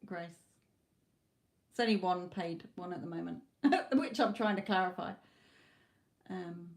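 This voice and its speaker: Woman tarot reader speaking to viewers. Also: fairly low pitch. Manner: talks directly to viewers by name, coaxing and firm. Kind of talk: live-stream tarot reading. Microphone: tablet close to her mouth.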